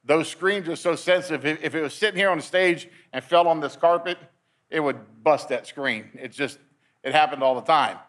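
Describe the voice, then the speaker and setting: A man's voice: on the high side, moderate pace, a bit bright. A man giving a personal testimony at a men's meeting, telling his story in a storytelling way and repeating words as he gets caught up in it.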